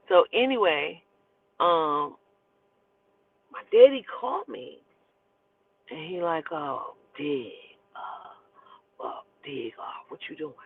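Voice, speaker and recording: Profane, animated woman telling a story. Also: fairly low pitch, gravelly. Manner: profane, animated, acts out quotes. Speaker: storyteller host. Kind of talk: casual storytelling. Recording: tinny phone-like line, dry.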